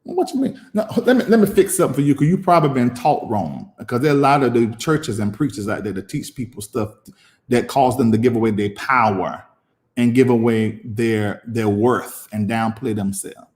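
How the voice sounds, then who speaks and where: A man's voice: mid-range voice, darkish tone. Emphatic preaching man in an echoey room. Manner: emphatic, preachy, repeats phrases, long pauses. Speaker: preacher and online show host. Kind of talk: emotional live-stream commentary.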